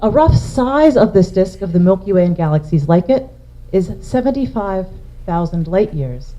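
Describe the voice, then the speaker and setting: A woman's voice: medium pitch, sing-song, normal speed, dark tone. A woman astronomer giving a public science lecture, explaining things step by step while pointing to slides. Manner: explanatory, walking through slides. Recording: dull lo-fi lecture recording.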